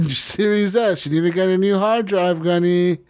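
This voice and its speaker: A man's voice: high voice, steady tone, moderate pace, a little mellow, smooth. Profane, ranting gaming podcast man. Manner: profane, joking rants. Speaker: podcast co-host. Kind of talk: casual gaming podcast chat.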